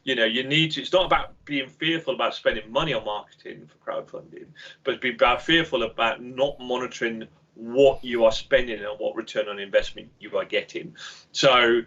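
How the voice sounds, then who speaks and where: A man, a games company founder, talking as a guest in a casual podcast interview over a video call, an animated storyteller who acts out voices. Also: mid-range voice, a little fast. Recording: dull lo-fi video call audio.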